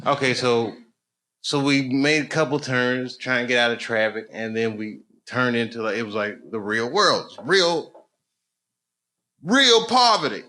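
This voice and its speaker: On a club stage, a thirtysomething American stand-up comic spins stories at a medium pitch and moderate pace. Excitement sends his voice jumping upward, and he often cracks up at his own tales in this noisy live recording.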